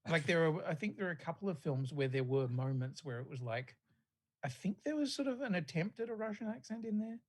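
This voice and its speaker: A male podcast co-host chatting loosely about films. His voice is slightly husky, with lively rises and falls in pitch. He swears casually and restarts his sentences often. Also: a little fast. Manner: swears freely, rambling restarts. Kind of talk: casual film chat.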